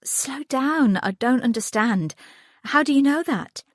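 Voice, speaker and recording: A woman narrator voices a defensive mother pleading for calm in an audiobook thriller. The lines come a touch higher than her narration, recorded dry and close. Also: moderate pace, no room sound.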